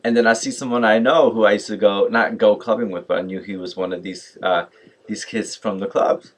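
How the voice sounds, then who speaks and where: Young man, low-pitched voice, casual vlog storyteller, animated and chatty. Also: a little fast. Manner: animated, mimics others in quotes, many fillers like "like" and "yo". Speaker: vlogger.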